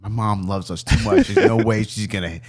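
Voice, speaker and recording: A man co-hosting a podcast, telling a story in a casual, animated way, laughing and swearing as he acts out family members. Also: lowish voice, brisk. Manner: swears freely. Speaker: podcast co-host.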